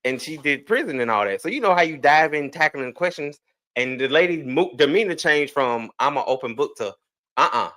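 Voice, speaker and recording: A man's voice: on the high side, lively intonation, fairly quick, fairly bright tone. A man telling stories as a guest on a casual podcast over a remote call, easygoing and full of slang. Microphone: remote streaming call.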